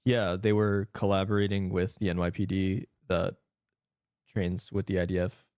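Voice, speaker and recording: Young guy co-hosting, low voice, deadpan and dry, no room sound. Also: normal speed, clean tone, no room sound. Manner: deadpan, sarcastic. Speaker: co-host. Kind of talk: casual commentary.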